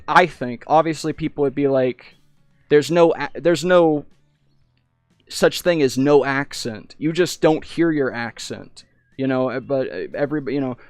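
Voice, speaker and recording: A man's voice: a little high, smooth, no room sound, studio quality. A young American man rambling through stories in casual live-stream chat, often breaking off mid-sentence. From United States. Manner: rambling, self-interrupting storyteller.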